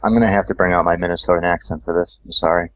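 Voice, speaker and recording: A man co-commentating a let's play with deadpan, dry jokes in casual chat. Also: sits low, rapid-fire, dry recording, poor audio.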